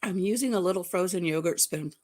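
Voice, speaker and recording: A woman's voice: fairly low pitch, a little fast, a little mellow. A woman hosting a casual livestream, chatting in a rambling way and greeting viewers by name. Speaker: vlog host.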